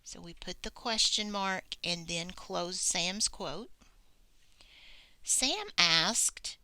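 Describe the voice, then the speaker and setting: A woman's voice: fairly low pitch, very slow, sharp tone, no echo. A woman teacher giving a recorded grammar lesson, patient and explaining step by step as she works.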